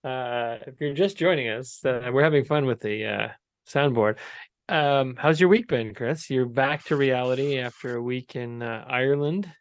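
Male podcast host, average pitch, playful and teasing, close dry studio sound. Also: no echo. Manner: playful, teasing, quick to laugh. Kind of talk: casual chat.

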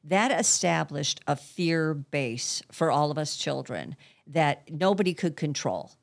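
A woman in her sixties with a notably deep voice, talking in a relaxed conversation. She speaks candidly and earnestly, now and then dropping a mild swear word. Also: measured pace, gravelly. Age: 60s. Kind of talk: casual conversation.

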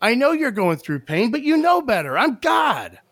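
A man putting on a stern, high-pitched fatherly God. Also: big pitch swings, moderate pace, fairly bright tone, dry recording, exaggerated voice. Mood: firm scolding. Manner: firm, scolding, reassuring. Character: stern fatherly God, male, all-knowing.

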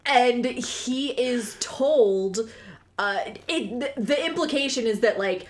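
A woman's voice: on the high side, slow pace. Wry female podcast co-host. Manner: dry, wry, explaining with literary references. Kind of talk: casual chat.

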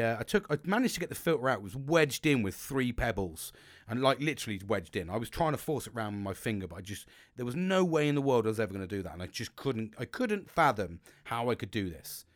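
A man's voice: medium pitch, fairly bright tone, dry recording. A man hosting a podcast, telling a rambling, sweary story in a casual monologue. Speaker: podcast host.

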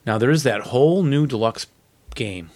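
A man's voice: mid-range voice, expressive, moderate pace, a little mellow. A man co-hosting a podcast, reading listener letters aloud in casual chat and laughing easily. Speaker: podcast co-host.

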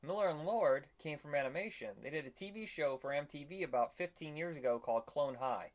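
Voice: mid-range voice, fairly quick. A podcast co-host in casual chat, opinionated, swearing freely and acting out jokes in put-on voices.

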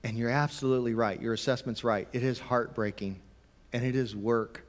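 A male pastor delivers a conversational sermon at a middle pitch. His voice rings with a long reverb, as in a big church hall. He presses points with emphasis, then drops to a quiet, low tone. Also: fairly even intonation, fairly quick.

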